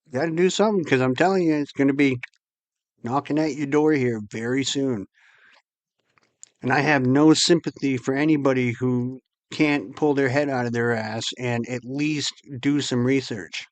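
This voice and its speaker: A man's voice: medium pitch, moderate pace, no room sound. Angry ranting man. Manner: ranting, profane, exasperated. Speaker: conspiracy channel host. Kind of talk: angry monologue to camera.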